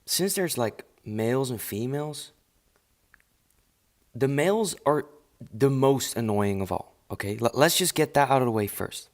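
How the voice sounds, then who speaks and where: A man's voice: medium pitch, animated, measured pace. Profane, dismissive male streamer ranting. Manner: profane, dismissive, rambling with restarts. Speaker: live streamer. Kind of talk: casual rant on a live stream. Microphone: earphones with mic.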